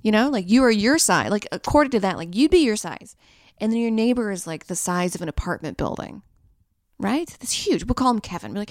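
A woman's voice: medium pitch, animated, fairly quick, no room sound, studio quality. A young woman hosting a podcast, riffing through a crude, rambling comedic monologue. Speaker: podcast host.

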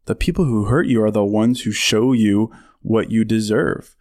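Hosting his own podcast alone, this man talks to listeners in a chatty way, full of fillers and laughs, with mock voices when quoting. His lowish, darkish voice moves at a moderate pace in a dry, clean studio recording.

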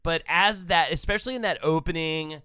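A man's voice: fairly high pitch, fairly quick, bright, forceful tone, clean tone, no echo, studio quality. A man co-hosting a podcast in casual chat, talking enthusiastically and rambling with frequent restarts. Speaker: podcast co-host.

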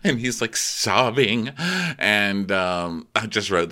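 A man's voice: lowish voice, slow pace, pushed and bright. A man co-hosting a comic recap podcast, animatedly acting out scenes as he tells them. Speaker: podcast co-host.

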